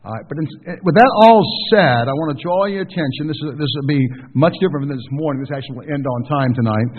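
A man's voice: on the high side, quick pace, husky. A man preaching a sermon to his congregation, conversational and full of questions to the listeners. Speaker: pastor. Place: church sanctuary. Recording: tinny distant recording with long hall reverb.

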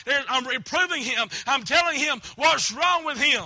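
A man preaching a sermon as pastor in a church, repeating phrases and breaking into emphatic shouts. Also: extremely high pitch, animated, moderate pace, hardly any pauses. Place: church sanctuary.

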